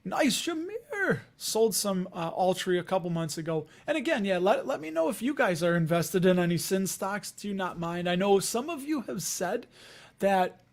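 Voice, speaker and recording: A man's voice: high voice, expressive, moderate pace. A man with a Chicago accent hosting a casual livestream, rambling and chatty, laughing often as he talks to viewers. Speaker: investing livestream host.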